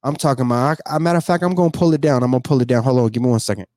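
A man's voice: medium pitch, very fast, darkish tone, dry recording. A man talking emotionally in a casual, slangy personal vlog, cursing a lot and repeating himself, close to tears. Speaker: vlogger.

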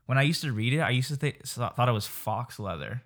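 Brief: young male podcast co-host, animated and playful, laughs a lot. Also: medium pitch. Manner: jokey, animated, quick to laugh. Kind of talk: casual chat.

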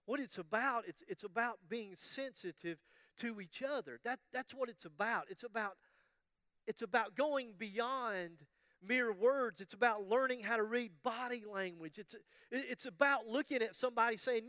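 A man with a high, smooth voice delivers a sermon in a dry, close sound. He tells a story with humor and acts out the voices of the people in it. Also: moderate pace, bright, forceful tone, no room sound. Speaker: pastor.

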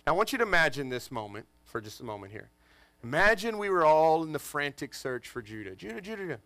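Bright-voiced joking pastor man. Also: a little high, brisk, dry recording. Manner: animated, joking, acts out family voices. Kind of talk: storytelling sermon. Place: church in front of a congregation.

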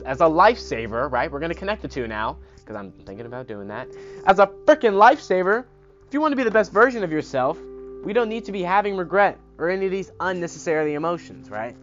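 A man's voice: a little high, a bit bright. A man hosting a podcast in a casual motivational talk, emphatic, swearing now and then and tagging his points with "right?". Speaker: podcast host. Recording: muffled lo-fi with guitar music behind.

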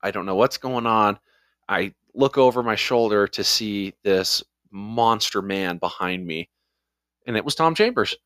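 A man co-hosts a laid-back podcast, spinning anecdotes and reading reviews out loud. His voice sits on the low side and is recorded dry and close on a studio mic. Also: unhurried, smooth, no room sound. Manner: storytelling, reading listener reviews aloud. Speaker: podcast co-host. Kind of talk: casual podcast chat.

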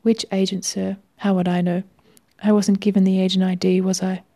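A faceless phone-exchange agent, stiff and formal, dodging every question with a clipped "sir". A woman reads the part within her story. The voice is flat in pitch, low and gravelly. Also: moderate pace. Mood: curt.

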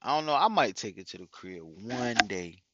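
A man's voice: lowish voice, very animated, moderate pace, a bit bright, no echo, dull audio. A middle-aged father rambles through casual stories for his followers, cussing freely and dropping "man" into almost every sentence. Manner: loose, rambling, profane, with many "man"s. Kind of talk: casual storytelling monologue.

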